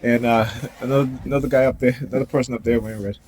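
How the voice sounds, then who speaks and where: A man's voice: mid-range voice, fairly even intonation, rapid-fire, darkish tone, a little hiss or hum. A man ranting defiantly to the camera outdoors in a casual, confrontational vlog, laughing now and then. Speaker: vlogger.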